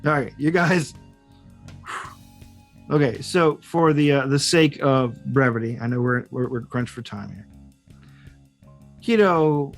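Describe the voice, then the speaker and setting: A man's voice: medium pitch, slow, pauses often, soft background music. A man narrating a tabletop game as game master, rambling with fillers and restarts.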